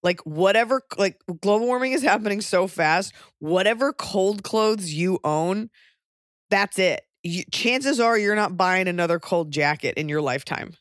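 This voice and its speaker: A pregnant woman hosting a podcast, talking in casual chat with wry, deadpan jokey rants. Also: medium pitch, normal speed, no room sound, clean studio sound. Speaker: podcast host and touring comedian.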